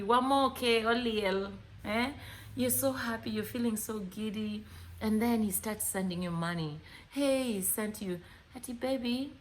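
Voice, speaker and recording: Animated Kenyan woman vlogger. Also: mid-range voice, slight background noise. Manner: animated, acts out both sides of chats, mixes in Swahili words. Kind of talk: casual monologue to camera.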